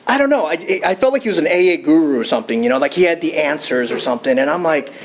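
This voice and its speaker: A young man tells his recovery story to a meeting in a loose, chatty way. He uses plenty of fillers and restarts, and his voice sits a little high. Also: animated, racing. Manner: casual, storytelling with fillers and laughs. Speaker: AA speaker.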